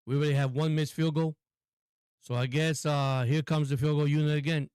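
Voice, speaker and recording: A man hosting a live stream, giving casual, excitable play-by-play commentary. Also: a little high, a little fast, clean tone, no room sound, studio quality. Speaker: sports stream host.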